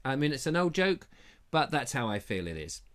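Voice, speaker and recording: A man's voice: medium pitch, very animated, moderate pace, a bit bright. A man hosting a casual live show, joking and reading viewer comments aloud on a lapel mic. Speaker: host. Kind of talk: casual live-stream chat.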